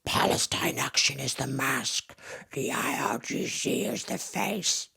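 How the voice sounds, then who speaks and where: A man putting on a mock-sinister, overblown announcer voice, hushed and drawn out. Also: medium pitch, expressive, slow, gravelly, husky, exaggerated voice. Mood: mock-ominous.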